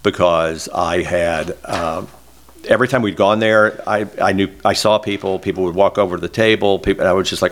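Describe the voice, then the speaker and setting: Deep-voiced older guy w telling his story, choked up at times. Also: steady tone, brisk. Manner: emotional, candid, close to tears. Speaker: guest. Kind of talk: personal storytelling in an interview.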